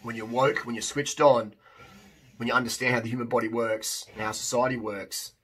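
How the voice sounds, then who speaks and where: A man's voice: medium pitch, level tone, a little fast, fairly bright tone, slightly rough. A man talking casually to camera as a fitness vlogger and coach, emphatic and blunt, with many restarts.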